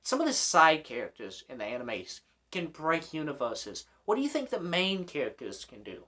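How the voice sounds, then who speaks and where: A man's voice: fairly high pitch, huge pitch swings, normal speed, sharp tone. A young man hosting a commentary vlog, ranting in an exasperated, sarcastic way with plenty of swearing. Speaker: host.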